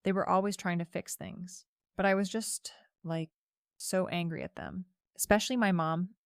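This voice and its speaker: A woman's voice: on the low side, fairly even intonation, moderate pace, smooth, no room sound, clean studio sound. A young woman narrating a first-person story in a casual, chatty way, with lots of "like" fillers.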